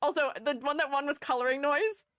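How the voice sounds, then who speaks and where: A woman streamer chatting casually with her live audience, giggling often and playfully animated. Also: sits high, a little fast. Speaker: streamer and art educator.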